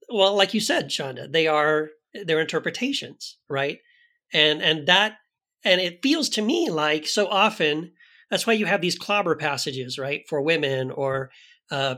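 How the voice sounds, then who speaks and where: A panel host speaks at an ordinary middle pitch, circling through restarts and questions before landing a point. The tone stays conversational. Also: sharp tone. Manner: rambling, restarts, asks questions.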